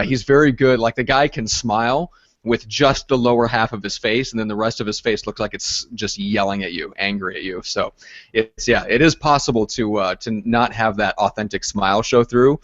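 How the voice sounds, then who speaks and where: A man co-hosting a casual chat, telling relaxed, rambling anecdotes. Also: lowish voice, no echo. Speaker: podcast co-host. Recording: slightly dull lo-fi sound.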